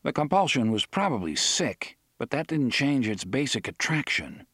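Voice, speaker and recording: A man narrating an audiobook in a measured storytelling manner. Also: mid-range voice, big pitch swings, gravelly, a bit bright, slightly rough, no room sound, clean studio sound. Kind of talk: scripted narration.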